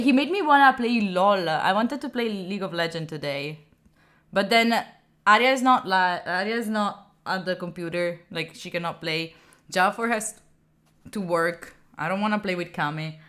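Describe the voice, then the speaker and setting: With a medium pitch and moderate pace, a young woman from Italy chats casually on her livestream in an Italian accent. The streamer is animated, often laughing, and reads viewers' messages aloud.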